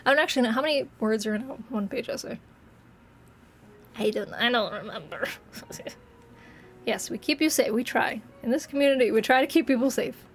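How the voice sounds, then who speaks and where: A woman in her late twenties streaming games, chatting casually and rambling with viewers, laughing often, with a slightly congested, phlegmy throat. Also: on the high side. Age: late 20s. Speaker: game streamer.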